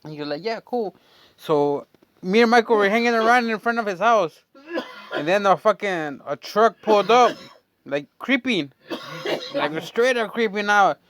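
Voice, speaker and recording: Profane rambling storyteller, fairly high voice. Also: male voice, animated, normal speed, a bit bright. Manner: rambling, profane, many fillers. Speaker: storyteller and channel host. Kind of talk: casual street storytelling.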